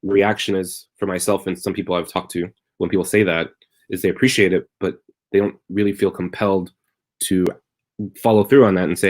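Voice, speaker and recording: A man with a low, deep voice talks on a live stream from his bedroom. He tells a meandering story in a loose, chatty way that swings between wry jokes and quiet tenderness. The sound comes through a plain computer mic. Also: steady tone, brisk. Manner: rambling storytelling, turning wry then tender. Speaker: comedian hosting a live stream. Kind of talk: casual confessional monologue.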